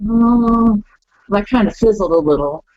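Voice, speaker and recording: A woman on a podcast call, chatting casually, animated, acting out quoted lines and laughing often. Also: mid-range voice, a little slow, no echo, highs cut off. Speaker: guest wrestler.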